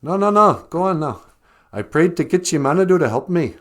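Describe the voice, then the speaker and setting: A man's voice: a little high, very animated, moderate pace, voice pushed up. A man voicing a stubborn, self-righteous male rabbit stuck in a snare, pleading and indignant.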